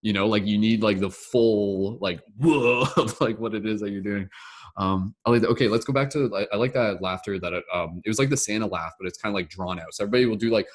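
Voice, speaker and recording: A man's voice: fairly low pitch, quick pace. A man hosting an online laughter meditation session on a video call, upbeat and rambling, with lots of "like" fillers. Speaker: host, laughter meditation facilitator. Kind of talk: casual online group session.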